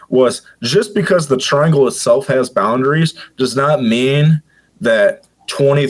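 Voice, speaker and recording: Man explaining legends on a podcast. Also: medium pitch. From Michigan. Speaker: podcast guest.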